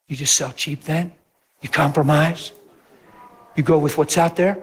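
A man preaching as a pastor, telling stories with lively acted-out voices and sudden drops to a near whisper. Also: measured pace, husky. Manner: animated storytelling, acts out voices with big pitch jumps. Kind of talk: sermon.

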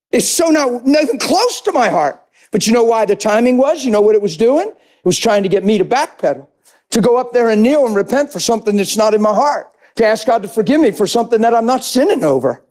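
Male pastor, high voice, animated sermon delivery with sudden shouts and hushed asides. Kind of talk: sermon storytelling.

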